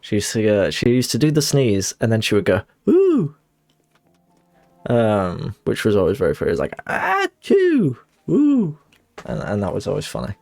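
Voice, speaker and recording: A young man chats casually while streaming a game, rambling in a self-conscious, apologetic way and letting out giggly asides. His voice is fairly low, creaky and darkish, quick with few pauses, recorded dry on a close mic with faint music behind.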